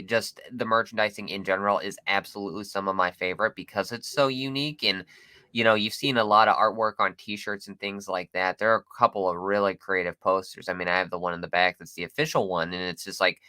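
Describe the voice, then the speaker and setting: Bright, low-voiced enthusiastic podcast man. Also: dry recording. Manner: enthusiastic, halting with restarts. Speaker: podcast co-host. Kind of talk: casual film discussion.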